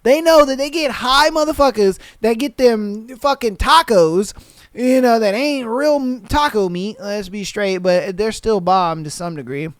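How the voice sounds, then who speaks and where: On his podcast, a man reads listener stories aloud and reacts with slangy, profane jokes, laughing often and mimicking people in quick voices. He has a high voice, captured as clean studio sound with no echo.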